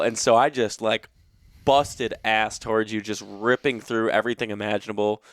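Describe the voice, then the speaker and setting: Smooth-voiced man telling a hunting story. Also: on the low side, steady tone, moderate pace, dry recording, studio quality. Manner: earnest, emotional retelling with many restarts. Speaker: podcast host. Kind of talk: casual storytelling.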